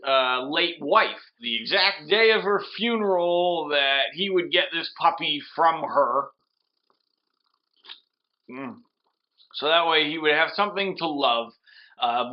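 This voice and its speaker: A man's voice: on the high side, dull audio. A drunk man rambling through a comedic movie recap, with lots of restarts and fillers. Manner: rambling, slurring storyteller with restarts.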